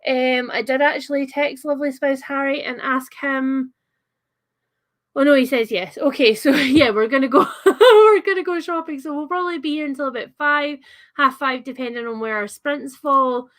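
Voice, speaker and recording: A woman's voice: high-pitched, fairly even intonation, normal speed, fairly bright tone. A young adult woman with a Scottish accent chatting on a livestream, reading out comments with lots of fillers and giggles. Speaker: livestream host.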